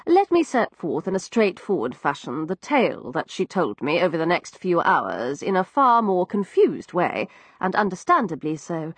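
A woman narrates a first-person novel in crisp, expressive audiobook style. Her pitch rises and falls in wide, lively sweeps. The recording is dry and close. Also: normal speed, dry recording.

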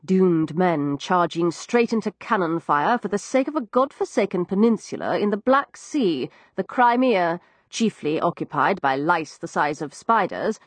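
A woman narrating a first-person novel as an audiobook, crisp and expressive. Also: mid-range voice, no room sound. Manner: expressive and crisp, with lively storytelling inflection.

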